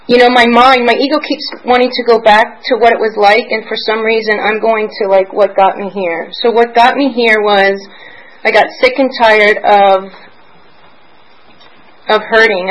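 A woman's voice: medium pitch, fairly even intonation, unhurried, slight background noise, poor audio. Candid woman sharing at a recovery meeting. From Pennsylvania, United States. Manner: rambling, candid, with frequent soft laughs; emotional and searching. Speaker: meeting member sharing her story. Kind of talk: personal share at a recovery meeting.

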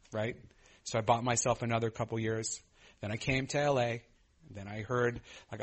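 A man in his thirties telling his own recovery story at a meeting, candid and self-mocking, with many fillers and restarts. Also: mid-range voice. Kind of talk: personal testimony share.

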